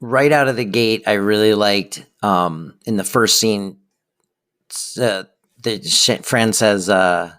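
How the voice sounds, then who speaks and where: A man's voice: on the low side, slow, fairly bright tone, clean tone. A man co-hosting a podcast, chatting casually and enthusiastically about a sitcom episode. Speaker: podcast co-host. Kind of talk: casual chat recapping a sitcom.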